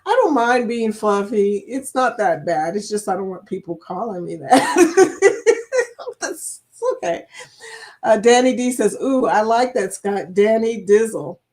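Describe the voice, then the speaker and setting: A middle-aged woman from Kentucky chats loosely on her livestream, reading viewer comments aloud and reacting to each one. She rambles from topic to topic and laughs easily, in an unhurried, conversational way. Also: medium pitch, expressive, a little mellow. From Kentucky, USA. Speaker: livestream host.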